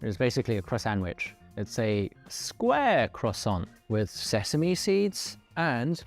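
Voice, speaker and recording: A man hosting a casual food review, playful and animated as he describes each dish. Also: medium pitch, measured pace, hardly any pauses, faint music behind. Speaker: food show host.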